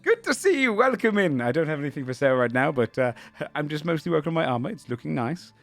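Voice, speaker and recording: A man voicing a nervous, excitable male dragon who frets and stumbles over his words. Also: fairly high pitch, fast, no room sound, soft background music, pitched above the performer's own voice. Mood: cheerful, fretful.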